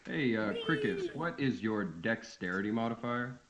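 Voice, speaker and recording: A man's voice: fairly low pitch, expressive, moderate pace, crowd noise. A man playing a tabletop role-playing game, easygoing and thinking aloud. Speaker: player. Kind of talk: tabletop role-play over voice chat. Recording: lo-fi and echoey.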